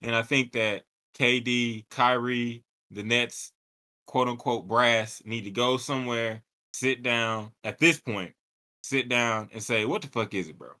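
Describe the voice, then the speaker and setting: A man's voice: medium pitch, takes it slowly. A man co-hosting a sports podcast, talking casually with lots of profanity and acting out quoted remarks. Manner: animated, profane, acts out quoted lines. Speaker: podcast co-host.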